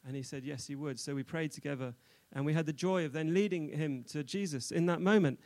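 A man's voice: on the high side, brisk, darkish tone. Encouraging man interviewing on stage. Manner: encouraging, restarts often. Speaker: church worker interviewing a new believer. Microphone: handheld mic.

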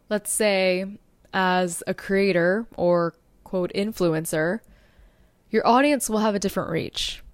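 A young woman hosts a solo podcast, explaining things in an upbeat, informative way. She now and then trips over her words when she gets excited. Her voice sits at an ordinary middle pitch, and the recording is very dry and close to the mic. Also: no echo. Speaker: podcast host and social media strategist.

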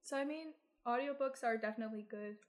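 A woman's voice: fairly high pitch, fast talker. Chatty young woman, lots of fillers. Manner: chatty, filler-heavy, laughs often. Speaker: book discussion participant. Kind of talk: casual chat.

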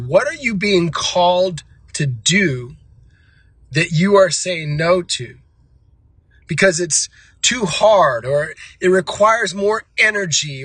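A man's voice: fairly high pitch, sharp tone, husky, no room sound. A man hosting a motivational talk for dentists, speaking in an emphatic, repetitive, preachy way. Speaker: host of a motivational show for dentists. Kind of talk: motivational monologue.

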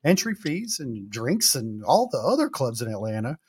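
A man, a podcast co-host reading reviews aloud with lively emphasis in casual chat. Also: medium pitch, moderate pace, husky.

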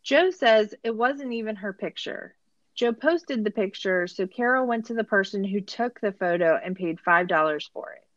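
A woman's voice: medium pitch, animated, normal speed, no room sound, highs cut off. A woman hosting a casual podcast, recapping a show in a laughing, incredulous way, with lots of "like". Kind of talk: casual chat.

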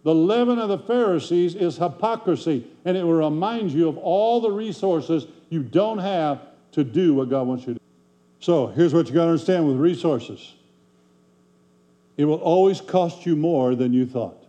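A pastor preaches in a folksy, conversational way, firing rhetorical questions at his congregation. His voice sits a bit high but sounds mellow and warm. A faint electrical hum runs under the recording. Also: lively intonation, normal speed, lo-fi sound. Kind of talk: sermon.

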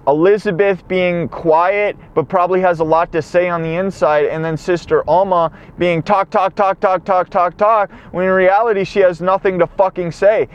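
High-voiced man rambling in his car. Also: fairly even intonation, moderate pace, hardly any pauses, smooth, dull audio. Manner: rambling, profane, acts out lines. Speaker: podcast host. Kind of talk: casual monologue film recap. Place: car while driving.

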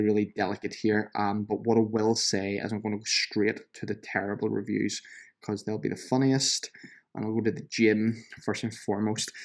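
Sarcastic man in his thirties, podcasting. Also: fairly low pitch. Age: 30s. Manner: sarcastic, chatty, lots of ums. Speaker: podcast host, fitness trainer. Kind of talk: casual solo podcast, reading and mocking reviews.

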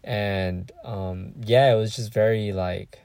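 A man's voice: lowish voice, fairly even intonation, slow, vocal fry, darkish tone, clean tone. A young man hosting a casual solo podcast, talking candidly and rambling, searching for words and swearing freely. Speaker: podcast host.

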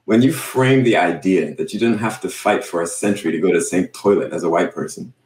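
A man hosting an interview, asking a long question in a measured, slightly hesitant way. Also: sits low, a little mellow. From United States. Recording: roomy sound from a distant mic.

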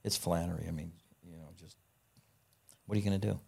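Gravelly low-voiced man telling stories. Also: brisk. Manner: profane, animated anecdote teller. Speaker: guest. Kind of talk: casual storytelling.

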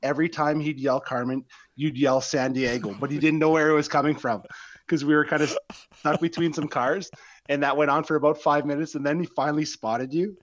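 A laid-back man chats casually, often repeating his phrases. His voice sits a little high. It comes through a dull, muffled, lo-fi line. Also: fairly even intonation, brisk, slight background noise. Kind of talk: casual chat.

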